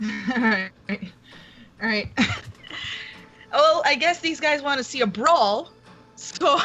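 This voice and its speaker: A woman player in a tabletop game talks slowly and hesitantly, with a bright, crisp tone. She laughs often between moves. Faint music sits behind her. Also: high-pitched, lively intonation, muffled recording.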